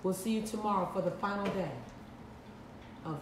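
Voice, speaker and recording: A woman's voice: medium pitch, steady tone, fast talker, noisy background. A woman giving an emphatic, preacherly motivational talk to a live audience, repeating lines for effect. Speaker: motivational speaker. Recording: echoey room, mic at a distance.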